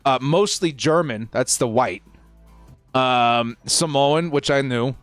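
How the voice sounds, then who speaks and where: A man's voice: mid-range voice, slow pace, no echo, faint music behind. A young man casually chatting with his viewers while hosting a live football watch-party stream, answering their questions in a laid-back way.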